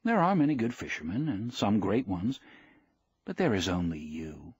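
A man's voice: fairly low pitch, very animated, normal speed, a little mellow, breathy edge, no room sound, muffled recording, exaggerated voice. A man voicing a devoted young boy in a book reading, speaking eagerly and earnestly.

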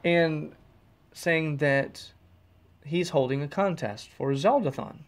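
A man's voice: on the high side, takes it slowly. Male solo podcaster, loose self-interrupting delivery, voiced through a gaming headset at home. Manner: rambling, self-interrupting, chuckling. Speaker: podcast host. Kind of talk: casual solo podcast chat. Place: room at home. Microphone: USB gaming headset microphone.

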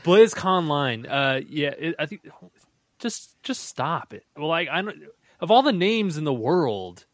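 Slow-talking man, wry podcast banter. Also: on the high side, sing-song, no room sound, clean studio sound. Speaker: podcast co-host. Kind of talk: casual gaming podcast banter.

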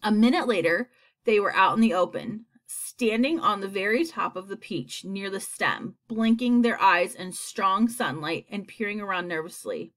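A woman reading a children's story aloud in an expressive, animated way. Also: medium pitch, normal speed. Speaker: audiobook reader. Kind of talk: storybook narration.

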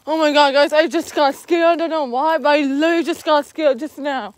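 A high-pitched woman vlogs as she walks alone outdoors. Her talk is jittery and rambling, packed with repeats of "you guys." The sound is dry and close, with hardly any room in it. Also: fairly even intonation, a little fast, no room sound. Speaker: vlogger. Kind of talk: walking vlog talking to viewers.

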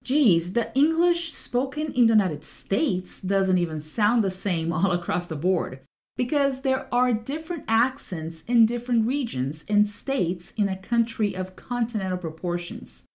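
A woman's voice: medium pitch, lively intonation, a little slow, a little mellow. A woman in her forties, a translator hosting her podcast, reading a prepared monologue evenly with light asides. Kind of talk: scripted solo podcast monologue.

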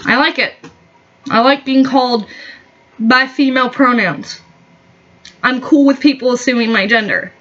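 A woman's voice: high voice, moderate pace, long pauses, fairly bright tone, muffled recording. A woman vlogger in a heated, profane, rambling opinion rant.

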